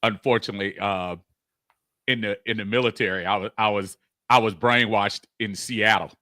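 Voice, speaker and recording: A man co-hosting a casual sports talk show, joking and excitable, stumbling over his words. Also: on the low side, normal speed, no room sound. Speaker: co-host.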